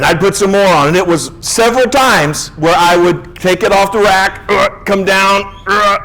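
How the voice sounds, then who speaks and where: Animated high-voiced pastor telling a story. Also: male voice, normal speed, few pauses, poor audio. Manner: animated, acts out quotes. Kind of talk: sermon storytelling.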